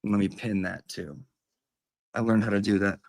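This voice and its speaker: A man's voice: lowish voice, steady tone, normal speed, vocal fry, no room sound, clean studio sound. A man with a gossipy, sassy, rambling manner, talking casually as a teacher-like persona on a comedy livestream.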